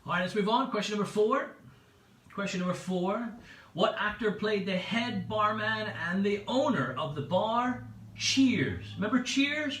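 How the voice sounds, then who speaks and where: A chatty male quiz host with a high, bright voice and lively ups and downs, reading questions twice and chuckling at his own asides. He sounds a little distant from the mic in a roomy, echoing space. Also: a little slow. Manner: chatty, repeats each question, laughs at own jokes. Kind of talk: livestreamed pub quiz hosting. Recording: echoey room, away from the mic.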